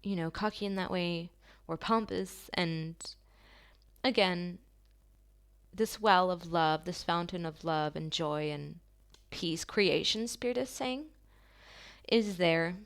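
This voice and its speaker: A woman giving a channeled tarot reading to her viewers, talking softly and slowly in an affirming way, with long pauses. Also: on the low side, clear, resonant tone. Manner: soft, slow and affirming, with drawn-out pauses.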